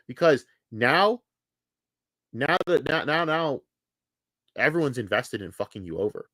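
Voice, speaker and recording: A man's voice: medium pitch, animated, measured pace, pauses often, bright, forceful tone, no room sound, studio quality. A man ranting angrily on a live stream, swearing hard and repeating himself when worked up. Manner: heated, profane, repeats words when worked up. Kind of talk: angry live-stream rant.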